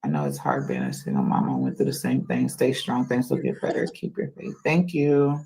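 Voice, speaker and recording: A woman's voice: a bass voice, big pitch swings, brisk, creaky, dark tone, rough recording. A woman on a livestream venting her annoyance to viewers and reading chat comments aloud. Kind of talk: casual venting to a live chat.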